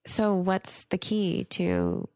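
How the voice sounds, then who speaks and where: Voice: mid-range voice, big pitch swings, drawn-out words, gravelly, darkish tone, no room sound. A podcast co-host in casual chat, mostly giving brief reactions and dry, teasing quips.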